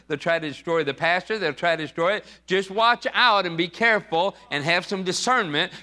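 Man preaching in church, bright forceful voice, hammers points over and over. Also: sits high. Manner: emphatic and repetitive, acting out Bible figures. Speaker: pastor. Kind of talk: sermon.

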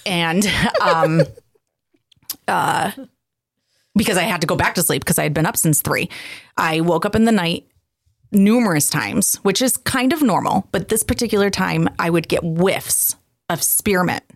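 A middle-aged woman co-hosting a podcast, telling stories in a casual, animated way with frequent laughs. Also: on the low side, a little slow, vocal fry, no room sound, studio quality. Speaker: podcast co-host. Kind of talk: casual chat.

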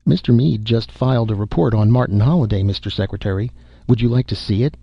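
A man voicing a loyal, efficient female secretary, speaking crisply and deferentially, in a dull recording. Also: lowish voice, fast, no echo. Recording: dull muffled audio.

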